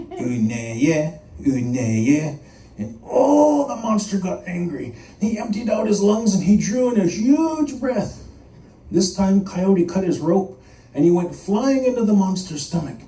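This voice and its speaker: A man telling a traditional animal tale in an animated, playful way to a live audience. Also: high-pitched. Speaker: storyteller. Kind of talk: live oral storytelling. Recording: echoey room, mic at a distance.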